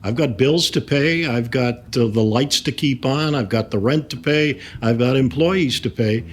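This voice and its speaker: A man's voice: medium pitch, measured pace, faint music behind. Emphatic male lawyer in an interview. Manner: emphatic, animated, frequent restarts. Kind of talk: interview, recounting events.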